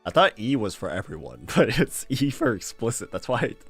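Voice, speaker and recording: A man's voice: fairly low pitch, wildly swooping pitch, normal speed, creaky, a bit bright, breathy edge, faint music behind. A man streaming, reading fanfiction aloud in a casual way with amused, disbelieving asides and frequent laughter. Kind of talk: casual read-aloud with commentary.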